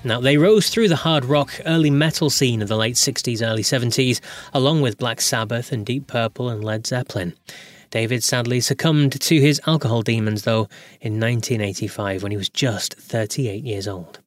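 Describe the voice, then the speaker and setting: A man's voice: medium pitch, moderate pace. A man hosting a daily classic rock podcast, reading a script with chatty, candid asides. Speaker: podcast host.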